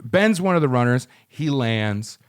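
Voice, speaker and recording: A man's voice: medium pitch, expressive, unhurried, clean tone. Male podcast co-host, casual rambling storyteller, mid-range voice. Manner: rambling storyteller, acts out characters in passing.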